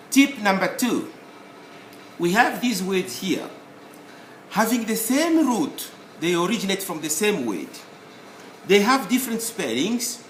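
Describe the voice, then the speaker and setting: Guy teaching spelling, slow and careful, voice goes up and down a lot, echoey room w/ faint hum. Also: on the high side, a bit bright. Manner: slow, deliberate, explains word by word with pauses. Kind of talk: recorded spelling lesson. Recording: roomy echo, faint ambience.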